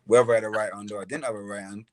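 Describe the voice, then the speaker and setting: A man's voice: on the low side, steady tone, rapid-fire, no room sound. A young man, a boxer, talking casually as a podcast guest, often repeating words and restarting his sentences. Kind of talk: casual interview talk.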